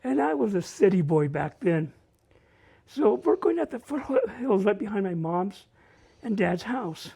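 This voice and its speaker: Gravelly older man telling funny family stories. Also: high voice, big pitch swings, a little slow, dark tone. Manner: self-mocking, laughs through his stories. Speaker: storyteller. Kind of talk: open-mic personal storytelling. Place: library event room.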